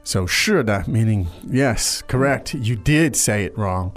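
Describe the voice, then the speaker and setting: A man's voice: on the low side, lively intonation, a little slow, soft background music. A man hosting a language lesson podcast, explaining words in a chatty way with frequent restarts.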